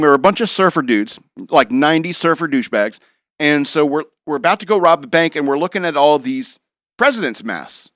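A man's voice: a little high, a bit bright, dry recording, studio quality. A man rambling through a wry, jokey monologue as a show host, chuckling now and then.

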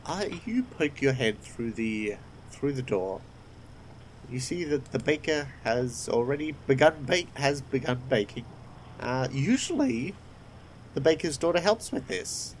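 A man narrating as game master of a tabletop game, halting, with many fillers. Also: medium pitch, expressive, slight background noise, rough recording.

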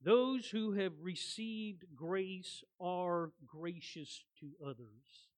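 A guest preacher, a woman with a lowish voice, delivers her sermon very slowly. She is animated and repeats words for emphasis, mixing in conversational, folksy asides.

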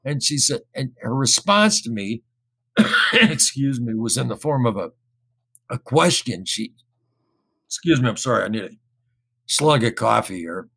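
A man telling a story in casual speech, rambling and repeating himself, getting animated when he quotes other people. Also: medium pitch, unhurried, vocal fry, long pauses, breathy edge. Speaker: guest recounting an experience.

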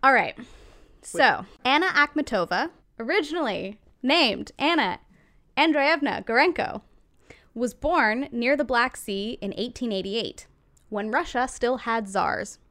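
A woman's voice: on the high side, expressive, unhurried, fairly bright tone. A woman co-hosting a podcast in casual chat, chatty with frequent ums and self-corrections. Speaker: podcast co-host.

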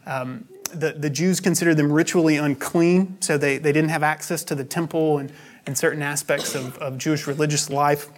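A man's voice: fairly high pitch, fairly even intonation, moderate pace. A man preaching a sermon as pastor, explaining scripture in a conversational, teaching way.

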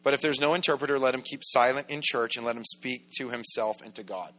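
A man's voice: mid-range voice, quick pace, pushed and bright. A man preaching a sermon as pastor in a church, in a conversational, joking way that acts out quoted voices. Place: church sanctuary.

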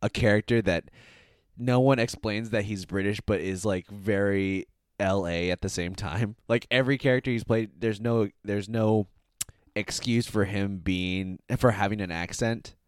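Regular-voiced dude giggling and rambling on a podcast, dry close sound. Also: male voice, fairly low pitch, moderate pace, clean tone, no room sound. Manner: giggly, rambling, laughs often. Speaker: podcast co-host. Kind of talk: casual chat.

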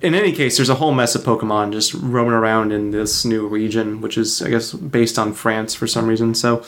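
A man's voice: on the low side, steady tone, a little fast, a bit bright. A man hosting a podcast in a loose, joking casual chat with fillers. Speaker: podcast host.

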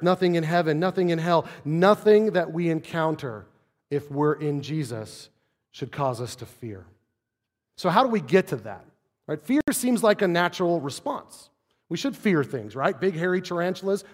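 Pastor, male, casual preaching tone full of rhetorical questions, raised and hushed by turns, echoing sanctuary. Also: fairly high pitch. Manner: conversational preaching, rhetorical questions, swings from loud to soft. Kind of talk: sermon. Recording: long hall reverb.

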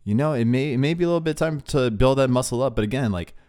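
A young man telling a faith story in a relaxed, casual way, with lots of "dude" and "like" as he talks. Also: mid-range voice, rapid-fire. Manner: laid-back, says "dude" and "like" a lot. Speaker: podcast co-host.

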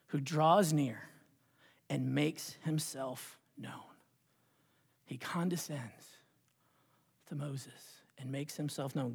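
Dramatic preacher in an echoing hall. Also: medium pitch. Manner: dramatic, with hushed whispered passages and rising repetitions. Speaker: pastor. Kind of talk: sermon. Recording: long hall reverb.

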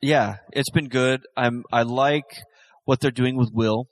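A man chatting casually as a podcast co-host, talking in a halting way with many restarts. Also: medium pitch, fairly even intonation, no echo. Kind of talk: casual chat.

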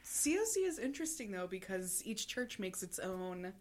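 Lively playful woman co-host. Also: medium pitch, normal speed. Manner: playful, blunt quips. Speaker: podcast co-host. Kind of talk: casual podcast chat.

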